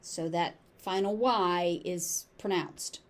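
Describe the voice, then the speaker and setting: A woman with a General American accent teaching pronunciation, saying each word slowly, sometimes syllable by syllable. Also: lowish voice. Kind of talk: slow, deliberate pronunciation lesson.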